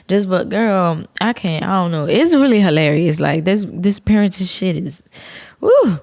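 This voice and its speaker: Low gravelly young woman podcaster. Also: expressive, fairly quick, a little mellow, no echo, studio quality. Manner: slangy, profane, chatty, addresses listeners as y'all. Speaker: podcast host. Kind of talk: casual solo podcast chat.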